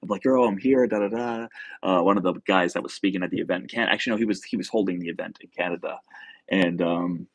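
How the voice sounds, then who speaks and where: A man's voice: low voice, flat delivery, fast, breathy edge, dry recording. A young man hosting a casual livestream, telling a rambling story full of fillers and restarts and reading viewer comments. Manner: reads viewer comments aloud. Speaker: livestream host.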